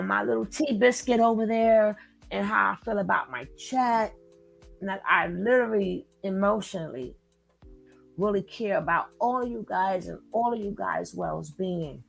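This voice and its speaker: Woman running a live stream, chatty and effusive with her chat, kinda high gravelly voice. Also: rough recording. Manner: effusive, talks straight to chat, shouts out viewers. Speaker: livestream host.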